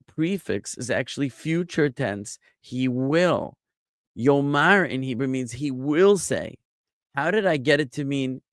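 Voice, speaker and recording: A man's voice: mid-range voice, no room sound, clean studio sound. A man teaching Biblical Hebrew grammar to a class, patiently drilling word forms and quizzing his students with questions.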